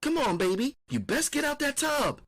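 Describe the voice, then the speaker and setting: A man's voice: extremely high pitch, lively intonation, moderate pace, gravelly, a bit bright, no echo, clean studio sound, voice pushed up, heavily acted. A man voicing a streetwise middle-aged woman who runs a brothel, drawling endearments like honey and baby. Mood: urgent. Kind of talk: audiobook character voice.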